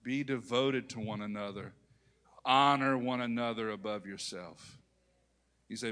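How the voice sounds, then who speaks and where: Bright-voiced preacher in a church hall. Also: male voice, medium pitch, expressive, a little slow. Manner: preaching with calls to the congregation and rising, shouted peaks. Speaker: pastor. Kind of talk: sermon. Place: church sanctuary with congregation. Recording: long hall reverb.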